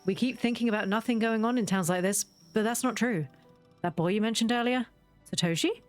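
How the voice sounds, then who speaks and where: A woman's voice: a little high, brisk, faint music behind, lightly acted. A woman voicing an earnest young female journalist in a game, reading her lines aloud sincerely and reflectively.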